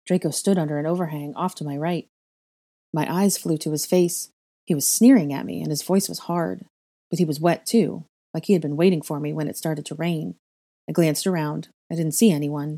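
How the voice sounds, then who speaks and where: A woman reading a first-person story aloud in a measured, soft storytelling manner. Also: low-pitched. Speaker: audiobook reader. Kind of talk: first-person fan fiction narration.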